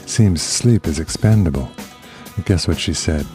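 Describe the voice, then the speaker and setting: A man reading a suggestive letter as an adult male lover, in a slow, teasing delivery. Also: low voice, music in the background.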